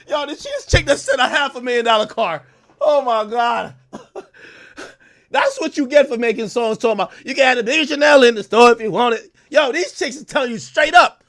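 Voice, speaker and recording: A young man streaming casually, reading messages aloud to his chat and reacting with loud outbursts. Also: extremely high pitch, animated, moderate pace. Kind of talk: casual live-stream commentary.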